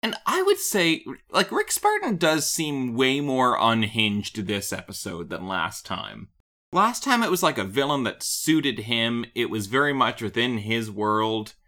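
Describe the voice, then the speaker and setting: A man co-hosting a casual podcast recap, his pitch swinging freely up and down as he talks. His tone is bright and forward, and he keeps it animated, slipping into the characters' voices now and then. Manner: animated, acts out characters' lines in quick bursts. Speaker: podcast co-host. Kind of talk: casual chat recapping a cartoon episode.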